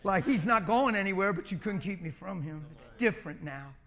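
A middle-aged man preaching, telling a personal story in an animated way and often repeating words. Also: high voice, brisk. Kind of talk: sermon.

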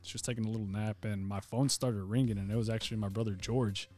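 A young man, a former pitcher, telling his story as a podcast guest in a laid-back, casual way, often saying "man" and "you know". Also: fairly even intonation, fast talker, dark tone. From Nogales.

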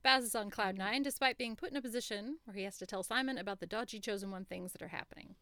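A woman co-hosting a casual book-club podcast, enthusiastic and animated, laughing easily. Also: mid-range voice, quick pace, dry recording. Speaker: podcast co-host.

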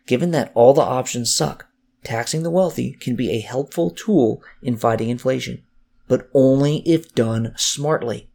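A man calmly narrating a scripted economics explainer. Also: medium pitch, vocal fry. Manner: measured, explanatory.

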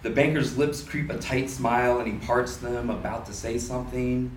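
A man reading a first-person prose story aloud at a live literary event, with a lively storytelling manner. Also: mid-range voice, moderate pace, a little hiss or hum. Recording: roomy hall, distant mic, faint ambience.

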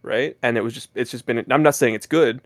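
A man's voice: mid-range voice, brisk, no room sound, studio quality. A young man with a Canadian accent co-hosting a podcast, chatting casually and hedging with many fillers. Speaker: podcast co-host. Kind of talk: casual chat.

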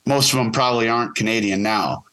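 A man's voice: on the low side, fast talker, bright, forceful tone. A man who co-produces the podcast, joining as its guest for a casual, joking, rambling chat. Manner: rambling, self-correcting, joking.

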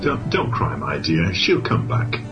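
A man's voice: deep voice, sing-song, measured pace, muffled recording, music in the background. A man playing a lovestruck, bumbling knight who stammers earnestly in a comic amateur pantomime.

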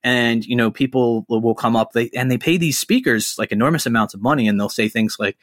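A man's voice: medium pitch, fairly quick, fairly bright tone, dry recording, clean studio sound. A man hosting a podcast in casual chat, rambling, swearing freely and breaking into impressions. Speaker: podcast host.

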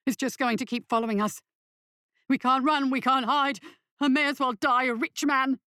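A woman's voice: a little high, moderate pace, slightly rough, no echo, studio quality. A woman voicing a panicked young male treasure seeker in a storybook reading, talking in a frantic, manic way. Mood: manic fear. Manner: manic, frantic, edged with madness.

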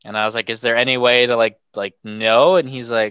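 A man's voice: mid-range voice, little pitch movement, brisk, hardly any pauses, a bit bright, clear, resonant tone, no echo. A young man telling stories casually as a podcast guest, rambling and filling almost every phrase with "like". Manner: rambling, filler-heavy, says "like" constantly. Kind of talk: casual storytelling.

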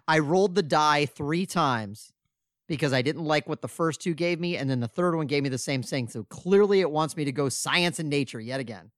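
A man co-hosting a casual trivia chat, relaxed and self-mocking, reading questions out slowly while drinking beer. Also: a little high, no echo, clean studio sound. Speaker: podcast co-host playing trivia.

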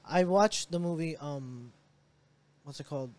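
A man co-hosting a casual podcast chat, telling stories in an animated way, swearing and acting out reactions. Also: a little high, measured pace. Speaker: podcast co-host.

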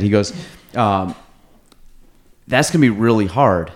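A man's voice: on the low side, lively intonation, measured pace. A man hosting a casual podcast chat, rambling and restarting as he tells stories. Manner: rambling, self-interrupting storyteller. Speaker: podcast host.

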